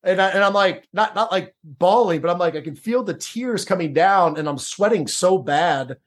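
A middle-aged man with a slightly high voice, appearing as a podcast guest, tells a personal story in a relaxed storytelling interview. At a normal pace he restarts sentences, repeats words, and leans heavily on "like" and "dude."

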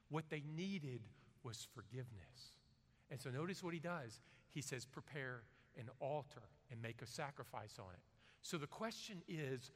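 A man delivers a sermon in a bright, forward voice pitched a little high. He reads scripture dramatically, swelling to loud emphasis and falling to quiet asides. A long reverb trails his words, as in a large hall. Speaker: preacher.

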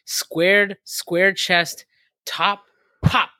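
A man co-hosting a casual chat podcast, joking and animated as he talks. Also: sits high, very slow, no echo, clean studio sound. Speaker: podcast co-host.

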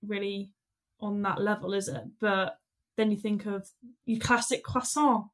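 A young woman, a student, co-hosting a podcast in a relaxed, joking, conversational way. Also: medium pitch, unhurried. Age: young adult. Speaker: podcast co-host. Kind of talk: casual chat.

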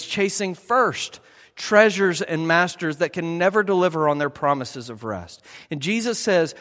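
A man preaches in a relaxed, talky way, tossing rhetorical questions to the congregation. His voice sits a little high for a man. The sound rings out with a long hall reverb. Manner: conversational preaching with rhetorical "right?" asides. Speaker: pastor. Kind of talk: sermon.

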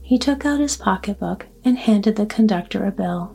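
Calm lady reading a bedtime story, mellow warm voice, soft music underneath. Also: mid-range voice, gravelly, breathy edge. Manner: slow, soothing, gentle. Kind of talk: calm sleep-story narration.

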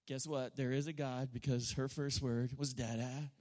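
A middle-aged man preaching a sermon, telling a story with emotion and swinging from loud passages to hushed ones. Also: mid-range voice, flat delivery, moderate pace, few pauses. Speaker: pastor.

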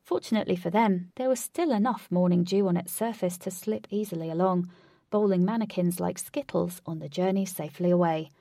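A woman narrating an adventure story in a steady, clear storytelling voice. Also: fairly low pitch, a little fast, no room sound, clean studio sound.

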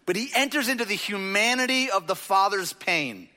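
Bright-voiced man preaching in a hall. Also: high-pitched, expressive, normal speed. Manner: conversational, rhetorical questions, frequent "like". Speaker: pastor. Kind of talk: sermon. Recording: reverberant hall.

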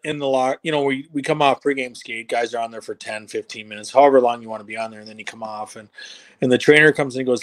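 A man telling a long, rambling story on a podcast in a casual way, acting out other people's lines with plenty of restarts and swearing. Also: mid-range voice. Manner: acts out quoted dialogue. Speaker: podcast guest.

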